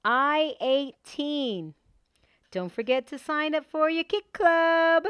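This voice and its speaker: A woman's voice: high voice, measured pace, dry recording, lo-fi sound. A woman hosting a livestream and calling bingo numbers in a playful, casual way, drawing each number out.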